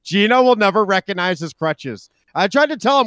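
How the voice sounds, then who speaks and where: High-pitched sarcastic guy roasting a friend on stream, swings up and down, dry mic. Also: animated, fairly quick, fairly bright tone, dry recording. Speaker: podcast co-host. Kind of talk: casual streamed chat.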